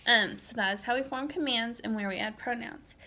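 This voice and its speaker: A woman teaching a Spanish grammar lecture, talking slowly and methodically with frequent ums and uhs. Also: fairly high pitch, bright, forceful tone. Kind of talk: recorded lecture.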